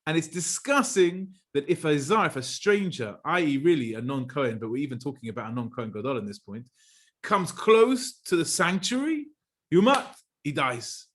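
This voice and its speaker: A middle-aged rabbi tells a Talmud story with a fairly high, animated voice. He mixes Hebrew phrases into his English and laughs now and then as he teaches. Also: normal speed. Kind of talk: Torah class storytelling.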